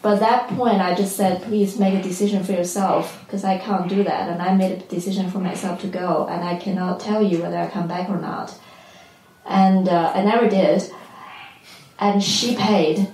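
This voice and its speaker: A woman with as her tells a personal story in plain, earnest words. Her voice is mellow and mid-pitched. It carries through a reverberant room with faint noise. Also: fairly even intonation, moderate pace, distant mic. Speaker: spiritual teacher. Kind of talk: personal sharing at retreat. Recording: echoey room.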